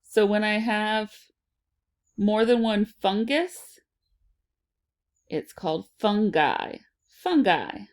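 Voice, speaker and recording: A woman teaching a phonics lesson to children, sounding out and repeating words slowly and deliberately. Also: medium pitch, lively intonation.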